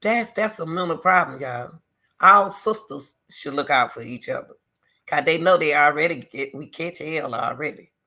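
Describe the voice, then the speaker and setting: Middle-aged woman, bright voice, preachy teacher-style chat to her viewers, keeps repeating herself. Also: low voice, normal speed. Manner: emphatic, repeats herself, talks straight to the viewers; loud teacherly delivery. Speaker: YouTuber. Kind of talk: casual commentary with scripture reading.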